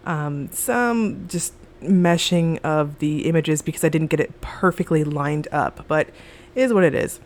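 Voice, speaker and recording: A young woman narrating her nail art in a casual, relaxed voice-over, chatty and full of fillers. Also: fairly low pitch, normal speed.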